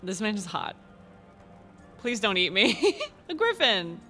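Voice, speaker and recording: A woman gaming streamer giving casual let's-play commentary, excitable and gushing, laughing often. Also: medium pitch, takes it slowly. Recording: game music behind.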